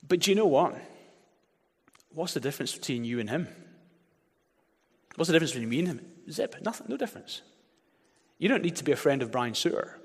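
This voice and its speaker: Man, pastor, passionate sermon, emphatic, fairly high voice, long hall reverb. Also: sing-song, brisk, long pauses, husky. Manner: passionate, building to emphatic peaks, leads congregation in repeating verses.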